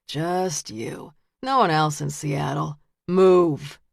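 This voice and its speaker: A woman reading the lines of a calm, menacing male detective who turns out to be a killer, in a quiet, flat voice. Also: deep voice, slow, gravelly, no room sound, studio quality, full character voice. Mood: cold menace.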